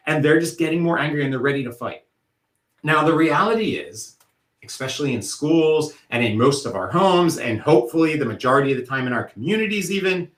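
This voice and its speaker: A man presenting an educational workshop, explaining things in a steady way and using vivid analogies. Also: a little high. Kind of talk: educational talk. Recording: echoey room.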